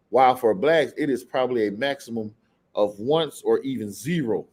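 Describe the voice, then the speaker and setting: A man leading an informal scripture study speaks with a mid-range, everyday voice. He chats in a loose, offhand way and reads verses slowly and with weight. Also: mid-range voice, lively intonation, a little mellow. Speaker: Bible teacher. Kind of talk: casual scripture study talk.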